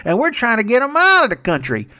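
A man's voice: very high-pitched, huge pitch swings, fast, sharp tone, voice pushed up, heavily acted. A man putting on a smug male politician who defends himself with pedantic distinctions. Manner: pedantic, self-justifying.

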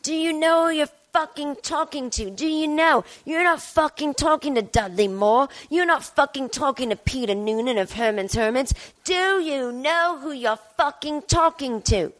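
Woman doing a belligerent drunk British pop star, middle-aged man, put-on British accent, pitched up, repeats himself. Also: moderate pace, hardly any pauses, a bit bright. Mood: drunk, furious.

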